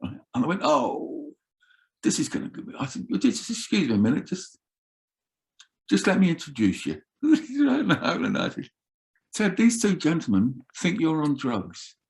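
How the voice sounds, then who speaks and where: An older man telling roadie stories in an animated, swearing way as an interview guest. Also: a little high, normal speed, gravelly. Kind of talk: casual storytelling.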